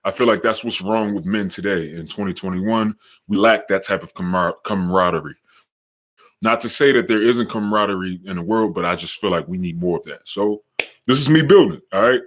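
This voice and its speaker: A young man with a slight New York accent, hosting a casual live-stream podcast, slangy and hyped, shouting out viewers in the chat. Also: low-pitched, a little fast. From Charlotte, North Carolina. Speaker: podcast host.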